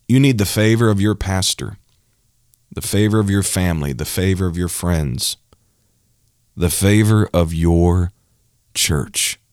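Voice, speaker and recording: Deep-voiced preacher man, emotional and emphatic. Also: no echo, clean studio sound. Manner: emotional, emphatic, repeats phrases for effect. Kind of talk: personal testimony in a preaching style.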